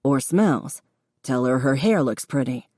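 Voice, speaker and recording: A woman's voice: extremely low pitch, lively intonation, measured pace, no room sound, studio quality, full character voice. Woman voicing a patient young man teaching cooking. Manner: patient, encouraging, gently instructive.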